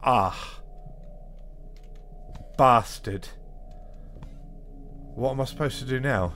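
A man's voice: medium pitch, extremely slow. A man giving panicky, profane commentary while playing a horror game, gasping and swearing as he goes. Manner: swears a lot, jumpy, panicky shouts and gasps. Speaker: gaming video host. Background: faint game music.

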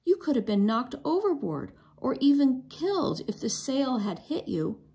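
A woman's voice: high-pitched, sing-song, normal speed, voice pushed up. A woman reading the part of a stern scolding father. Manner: sharp, scolding delivery. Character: stern strict father, sailing captain.

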